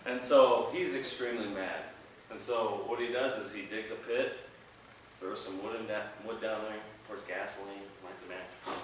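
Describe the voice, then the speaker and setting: A man teaching an art class, playful, shouting mnemonic chants with his students. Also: fairly low pitch, steady tone, normal speed, slight background noise. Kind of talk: classroom lecture. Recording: echoey classroom from a distance.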